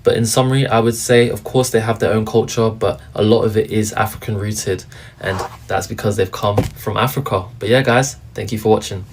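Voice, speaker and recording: A man's voice: lowish voice, fairly even intonation, brisk. A man narrating a history explainer in a casual way, with frequent "but yeah" fillers. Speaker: commentary narrator.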